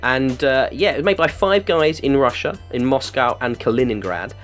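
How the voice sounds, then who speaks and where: A man's voice: mid-range voice, normal speed, soft background music. A man hosting a casual video game review podcast, talking with gushing enthusiasm and plenty of filler words. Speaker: podcast host.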